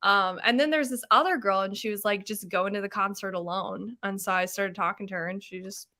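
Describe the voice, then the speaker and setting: A young woman hosting a podcast, chatting in a bubbly, animated way and laughing often. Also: mid-range voice, brisk. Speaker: podcast host. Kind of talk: casual chat.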